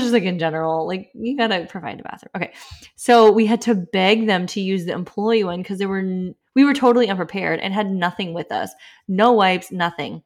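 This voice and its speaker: A woman in her thirties hosting a casual podcast, reading listener stories aloud with chatty asides and frequent laughter. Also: mid-range voice. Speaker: podcast host.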